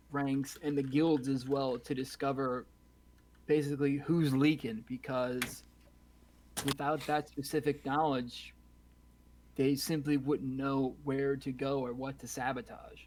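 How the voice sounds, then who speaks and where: A man's voice: mid-range voice, a little mellow, a little hiss or hum, low-quality recording. Man narrating as game master.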